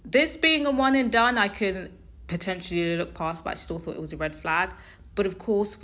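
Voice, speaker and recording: A woman speaks in a slightly low voice, hosting her own commentary show. She talks in a conversational, emphatic and opinionated way, pressing her points home. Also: fairly bright tone. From London. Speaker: show host. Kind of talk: reality TV commentary.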